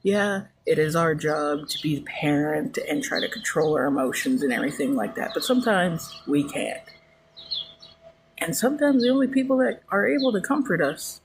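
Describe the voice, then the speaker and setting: A woman's voice: low-pitched, lively intonation, moderate pace. A woman speaks straight to her viewers, emotional and earnest, rambling as she goes. Faint noise sits under her voice. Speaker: mother sharing a personal story. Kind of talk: personal video monologue.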